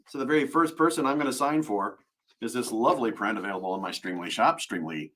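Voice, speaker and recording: Bright jokey guy signing stuff live, voice bounces all over. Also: medium pitch, lively intonation, fast talker. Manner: jokey, playful, self-mocking. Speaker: voice actor at a live signing stream. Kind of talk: casual livestream chat.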